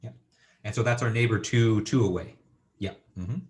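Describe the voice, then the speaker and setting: A man's voice: lowish voice, normal speed, darkish tone. A man giving a university engineering lecture, thinking aloud with lots of fillers and checking in with students.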